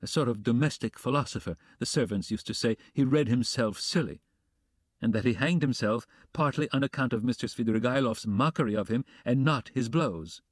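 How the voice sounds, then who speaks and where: A man's voice: medium pitch, fairly quick, no echo, lightly acted. A man reading a stern, dry young woman.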